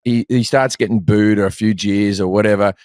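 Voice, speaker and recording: A man's voice: on the low side, steady tone, brisk, darkish tone, dry recording, clean studio sound. A man in his forties with an Australian accent, a comedian rambling through stories in casual chat and swearing freely. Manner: profane, storytelling, rambling. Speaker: comedian guest.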